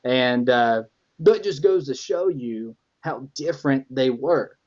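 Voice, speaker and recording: A man in casual political podcast chat, talking with amused emphasis as he tells a story. His voice sits at an ordinary middle pitch. The audio is dull and lo-fi. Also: animated, unhurried, a little mellow. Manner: reads a letter aloud with amused emphasis, laughing at it. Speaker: podcast co-host.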